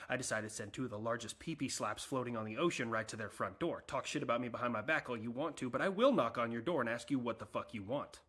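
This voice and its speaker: A man voicing a brash, swaggering male Uncle Sam superpower who talks in a gruff, cocky, menacing way. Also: medium pitch, fast, few pauses, fairly bright tone, voice pushed down.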